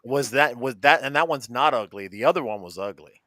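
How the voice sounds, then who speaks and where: A man hosting a casual podcast chat, who swears freely and tells stories in an animated, laughing way. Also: mid-range voice, brisk, no echo, clean studio sound. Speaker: podcast host.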